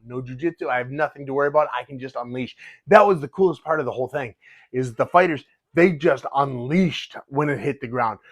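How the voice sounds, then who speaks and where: Middle-aged guy fighter vlogging, pumped up, keeps restarting his sentences, voice a bit high, dry close mic. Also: no room sound. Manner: excited, animated, restarts often. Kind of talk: casual vlog talk.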